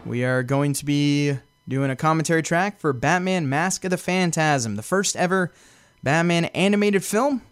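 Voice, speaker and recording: A man's voice: on the high side, normal speed, clear, resonant tone, no room sound. A man co-hosting a casual podcast, blunt and dismissive, often stammering as he restarts his sentences. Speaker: podcast co-host.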